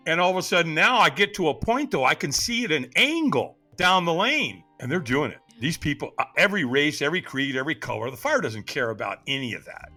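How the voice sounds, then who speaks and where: A man's voice: on the high side, sing-song, fast talker, hardly any pauses, sharp tone, faint music behind. A middle-aged man, a podcast guest, telling a personal story dramatically and acting out the voices of the people in it. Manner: dramatic storyteller who acts out quoted voices.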